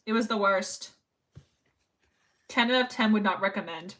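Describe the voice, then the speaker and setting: A woman's voice: medium pitch, normal speed, fairly bright tone. A young woman chatting casually on a livestream while sewing, rambling and reading chat messages aloud. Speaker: live streamer.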